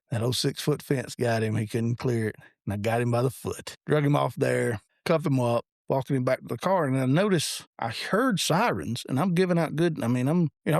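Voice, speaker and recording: A man's voice: mid-range voice, darkish tone, no room sound, studio quality. A man in his forties, a police officer co-hosting a podcast, telling blunt, profane stories in casual chat.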